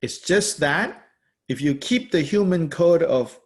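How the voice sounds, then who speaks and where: A man teaching as a Buddhist teacher, commenting on a text in a thoughtful, halting way with many fillers and pauses, and laughing lightly now and then. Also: a little high, lively intonation. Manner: laughs lightly while explaining.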